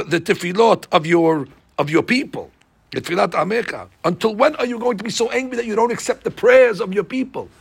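Bible class teacher, man, high gravelly voice, animated and quizzing the class. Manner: animated, asks the class questions. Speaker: Torah teacher.

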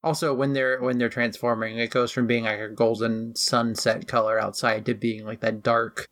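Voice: mid-range voice, little pitch movement, moderate pace, fairly bright tone. A podcast co-host giving a casual anime recap, blunt and wry, with swearing and dry asides. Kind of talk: casual chat.

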